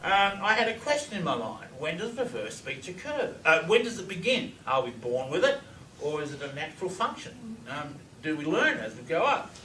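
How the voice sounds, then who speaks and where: A man giving a lively presentation to an audience, often asking them questions. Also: fairly high pitch, fairly quick. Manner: enthusiastic, asks the audience questions. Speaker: lecturer on reverse speech. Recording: echoey room, distant mic, faint noise.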